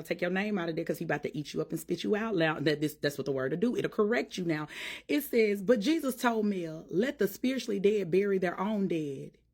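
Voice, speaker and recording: Husky woman preaching with rising fervor. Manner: fervent, rising in pitch and force as she preaches. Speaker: ministry vlogger. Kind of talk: preaching to camera.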